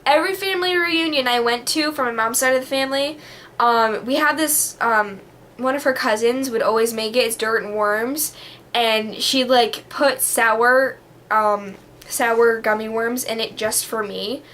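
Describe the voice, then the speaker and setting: A woman's voice: a little high, measured pace, a bit bright, a little hiss or hum. Bubbly, rambling young woman vlogger. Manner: rambling, heavy on the filler word "like"; bubbly, dramatic. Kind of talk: casual reminiscing monologue.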